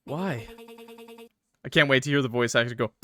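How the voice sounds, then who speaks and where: A man's voice: mid-range voice, normal speed, sharp tone, no echo, clean studio sound. A young man doing casual game commentary as a streamer, joking, laughing often and talking to his chat. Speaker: gaming streamer.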